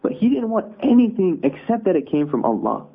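Husky guy giving a chatty religious lesson, lots of "right?" asides, sounds like a phone recording. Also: high voice, big pitch swings, fairly quick. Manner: conversational, with rhetorical asides. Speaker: religious teacher. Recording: tinny phone-like audio.

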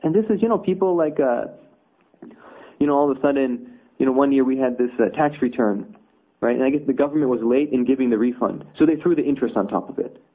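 A man's voice: medium pitch, fast, slightly rough. A man teaching a conversational religious lesson, explaining with rhetorical asides. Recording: tinny phone-like audio.

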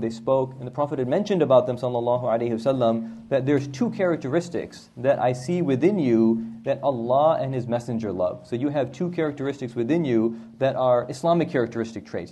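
A man teaching an Islamic history class in an animated way, often asking rhetorical questions and adding "right?". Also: mid-range voice. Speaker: religious teacher.

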